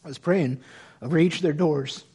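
A man in his thirties preaching a sermon in an animated, conversational way, with self-deprecating humor. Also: fairly high pitch, normal speed, breathy edge. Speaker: pastor.

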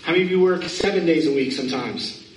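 Male pastor, high voice, conversational sermon, echoey church from far off. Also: fast, slight background noise. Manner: conversational preaching with questions to the congregation. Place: church sanctuary.

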